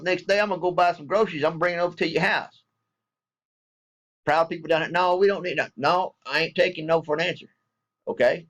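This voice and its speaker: A man's voice: on the high side, fairly bright tone. A man from the States, a military veteran ranting bluntly and angrily with heavy profanity in a vlog. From Southern United States. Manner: blunt, angry and heavily profane.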